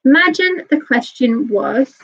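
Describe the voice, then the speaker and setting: A woman's voice: sits high, lively intonation. A woman teaching a live online maths lesson to young children, patient and a little nervous, checking in with "okay?" often. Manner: patient, repeats "okay?" often, talks a bit fast and nervous. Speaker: early years teacher. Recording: slightly dull lo-fi sound.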